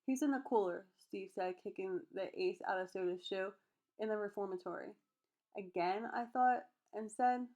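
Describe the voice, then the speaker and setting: A woman's voice: mid-range voice, a little mellow, lo-fi sound. A woman reading a novel chapter aloud, voicing every character in her own voice and sometimes stumbling and restarting a word. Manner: reads all characters in her own voice, occasional slips and restarts. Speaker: audiobook reader.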